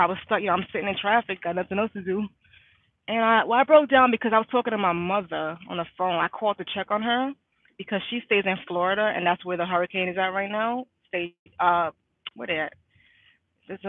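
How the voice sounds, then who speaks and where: A woman's voice: lowish voice, no room sound. A young woman, a nursing student, venting candidly in a casual vlog, stressed out and full of slang and fillers. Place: in her car, parked at school. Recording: tinny phone-like sound, dry.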